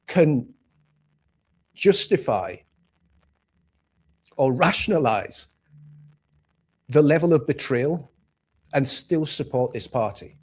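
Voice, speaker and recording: A man's voice: medium pitch, slightly rough. A man from England hosting a livestream, ranting bluntly and with plenty of profanity about politics. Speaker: livestream host. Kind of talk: casual political rant.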